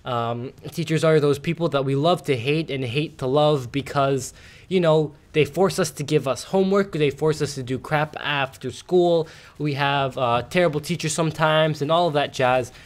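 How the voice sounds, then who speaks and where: A man's voice: fairly high pitch, normal speed. A teenage boy ranting casually as a gameplay commentator, rambling with many fillers and restarts. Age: teens. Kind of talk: casual gaming commentary rant.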